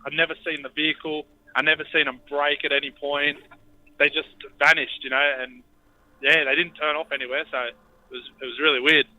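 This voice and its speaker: A man's voice: on the high side, little pitch movement, fairly quick, narrow, tinny audio. An Australian man calling in to a radio show, telling a story in a laid-back, hesitant way. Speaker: caller. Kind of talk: phone-in story.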